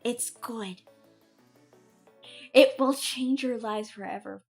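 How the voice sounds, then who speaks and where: A woman streamer chatting casually on a live stream, excitable, swearing and loudly scolding her chat. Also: fairly high pitch, slow, creaky, soft background music.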